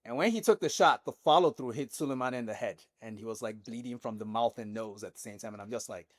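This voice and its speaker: A man's voice: mid-range voice, fast talker, dry recording, studio quality. A man hosting a casual football podcast, joking and swearing as he recaps the match. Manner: profane, jokey, recaps match moments. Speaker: podcast host.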